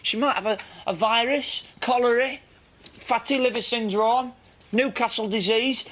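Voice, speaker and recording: An actor playing an anxious, earnest man who speaks haltingly about his sick chicken. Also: very high-pitched, fairly bright tone, exaggerated voice. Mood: worried. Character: anxious simple-minded man fussing over chicken.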